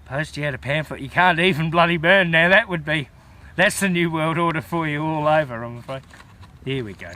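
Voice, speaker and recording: A man's voice: fairly high pitch, brisk, pushed and bright. An Australian man rambling in a casual outdoor vlog, with folksy bush slang. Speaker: vlogger.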